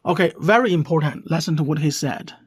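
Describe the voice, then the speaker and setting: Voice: medium pitch, brisk, slightly rough. A video commentator with a Chinese accent, reacting to a clip, explaining it word by word and often asking "okay?" in a heated, accusing way.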